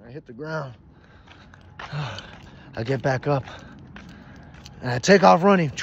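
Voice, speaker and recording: A man telling a comic story, acting out each character's lines and breaking into sudden loud outbursts. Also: medium pitch, animated, slow pace, pauses often, breathy edge. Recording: dull lo-fi recording with faint noise.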